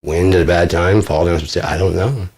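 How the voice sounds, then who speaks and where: A man with a deep, husky voice tells a rambling story to camera. He is blunt and profane, with a boastful edge. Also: fairly even intonation, brisk, a little mellow. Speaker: vlogger. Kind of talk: casual storytelling monologue.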